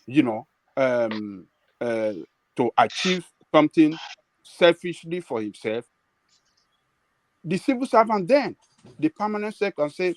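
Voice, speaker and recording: A man pressing his point in a heated debate, insistent and quick to interrupt. His pitch swings widely and sits a little high. The recording is dry and close. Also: big pitch swings, no echo. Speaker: debate panelist.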